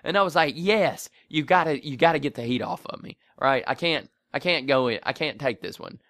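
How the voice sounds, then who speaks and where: A podcast co-host with a voice on the high side talks briskly on a dry recording. He tells a story in casual chat, animatedly acting out the voices of the people in it and laughing often.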